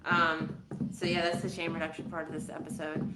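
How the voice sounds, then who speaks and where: A woman hosts a loose, casual livestream and thinks out loud, stopping and restarting her sentences as ideas come. Her voice sits a bit low but sounds bright and forward. The room around her rings with a noticeable echo. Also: monotone, brisk, a little hiss or hum. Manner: rambling, thinking aloud, self-interrupting. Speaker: host.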